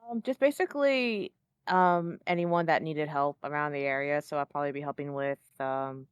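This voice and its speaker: A woman's voice: low-pitched, moderate pace, smooth, dry recording. A woman playing a tabletop game, describing her character's plans hesitantly, with many fillers. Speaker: player.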